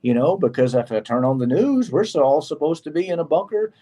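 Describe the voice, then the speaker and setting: A man's voice: fairly high pitch, expressive, a little fast, dark tone. A middle-aged man co-hosting a casual chat show, telling stories and acting out the people he quotes. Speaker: co-host.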